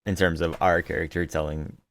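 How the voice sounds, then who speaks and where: A man's voice: low-pitched, flat delivery, fairly quick, a bit bright. A man co-hosting a gaming podcast, explaining at length in casual, rambling chat. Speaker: podcast co-host.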